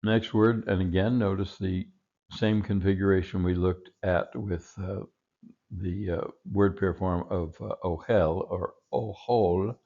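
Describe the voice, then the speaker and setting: A man teaching a recorded Hebrew vocabulary lesson, patiently repeating each word slowly. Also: low voice, fairly even intonation, mellow, muffled recording.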